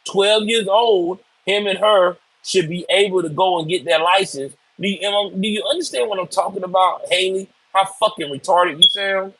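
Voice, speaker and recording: A man's voice: high-pitched, brisk, hardly any pauses, pushed and bright, no room sound, rough recording. A man hosting live political commentary, ranting in a blunt, profane, emphatic way.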